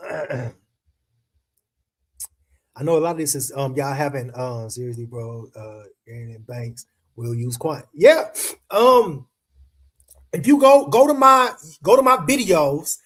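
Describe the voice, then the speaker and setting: A man's voice: on the high side, measured pace, a bit bright. A man hosting a casual crypto livestream, talking to viewers in slangy, emphatic chat and repeating words for stress. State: emotional, choked up.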